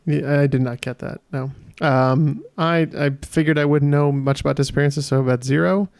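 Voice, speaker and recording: A man's voice: on the high side, steady tone, normal speed, vocal fry, a little mellow, no room sound. A man co-hosting a casual podcast, explaining himself in a dry, matter-of-fact way. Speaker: podcast co-host.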